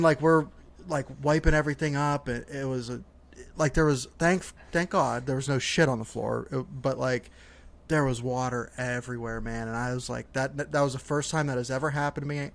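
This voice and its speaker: A young man tells a story on a podcast in an easy, unhurried way. His jokes are dry and his chat is casual. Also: medium pitch, fairly even intonation, gravelly. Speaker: podcast co-host.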